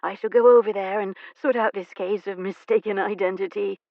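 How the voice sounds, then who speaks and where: A woman voicing a spirited young Regency-era woman who speaks crisply and defiantly. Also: mid-range voice, steady tone, fairly quick, no room sound, narrow, tinny audio, natural voice. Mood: composed.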